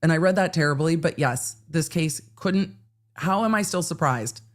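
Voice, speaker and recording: A woman hosts a casual livestream and tells courtroom stories with lots of swearing and animated acted-out quotes. Her voice sits a little low, and she talks in loose, restless bursts. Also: normal speed. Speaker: legal commentary livestream host.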